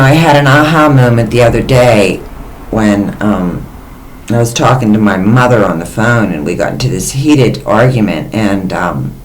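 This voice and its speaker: A woman vlogger talking candidly and emotionally in a personal confessional monologue. Her pitch jumps suddenly in places. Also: darkish tone, poor audio.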